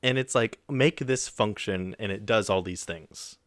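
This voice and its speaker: Young man, low voice, dry close mic, casual animated storytelling. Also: unhurried, no echo. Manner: animated retelling with quoted voices, swears mildly. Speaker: podcast co-host.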